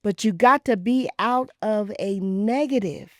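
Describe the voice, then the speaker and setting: A woman in her sixties hosting a talk show, telling stories in an animated, preachy way with lively vernacular asides. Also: mid-range voice, unhurried, no room sound, clean studio sound. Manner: animated, preachy storytelling with Southern Black vernacular. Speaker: podcast host. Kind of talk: casual talk show chat.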